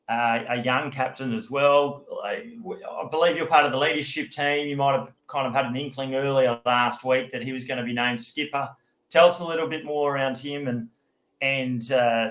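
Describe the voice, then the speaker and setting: A man's voice: mid-range voice, a bit bright, echoey room, poor audio. A man hosting a podcast, asking chatty, leading interview questions. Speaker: podcast host.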